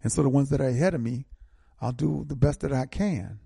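Gravelly older radio host. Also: male voice, medium pitch, brisk, dark tone, no room sound. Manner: preacherly, building to emphatic repetition. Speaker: radio talk show host. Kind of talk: call-in radio talk.

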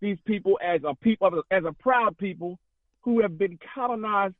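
Fiery caller on a tinny phone line. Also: male voice, high-pitched, moderate pace, dry recording. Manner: fiery, rambling, repeats himself. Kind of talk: impassioned call-in talk.

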